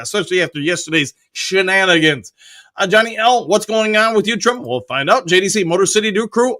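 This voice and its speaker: A man's voice: sits high, sharp tone. A man hosting a live stream, reading out viewer comments in an upbeat, chatty way. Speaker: host.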